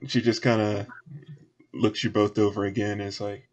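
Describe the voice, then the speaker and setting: A man's voice: lowish voice, level tone, moderate pace, dull audio. A man with a Southern US accent, narrating casually as game master and laughing between lines.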